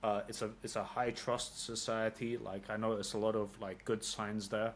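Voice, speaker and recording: Brief: British man from London, lowish voice, loose rambling guest with lots of "like" and swearing. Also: flat delivery, moderate pace, a little hiss or hum. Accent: British English. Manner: rambling, many fillers, casual swearing. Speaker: interview guest. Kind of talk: casual interview.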